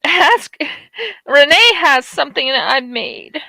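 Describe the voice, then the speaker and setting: A woman hosts a craft live stream, her voice high and bright, with a dry, close sound. She speaks slowly, tearful and apologetic as she talks through her work. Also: sing-song, vocal fry, no echo, rough recording. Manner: emotional, apologetic, perfectionist. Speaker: craft channel host. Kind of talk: casual live-stream chat while crafting.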